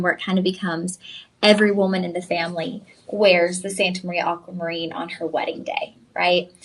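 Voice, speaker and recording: A woman's voice: medium pitch, low-quality recording. A young woman with a twang presents a jewelry sale on a shopping channel. She talks straight to her viewers in a chatty, enthusiastic way, with a voice in the middle of the female range. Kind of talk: live sales presentation.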